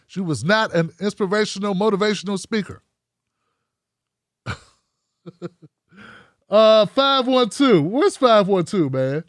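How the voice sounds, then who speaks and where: A man hosting a live call-in show, talking in an animated, profane, joking way. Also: high voice, takes it slowly, pauses often, no room sound, clean studio sound. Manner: animated, profane, jokey impressions. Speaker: host taking calls.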